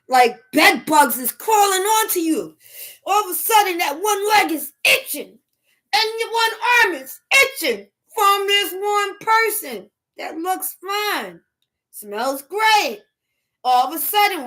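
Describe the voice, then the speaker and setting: A middle-aged woman, chatting casually on a livestream, loud and animated, laughing and shouting at times. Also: high voice. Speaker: livestream host.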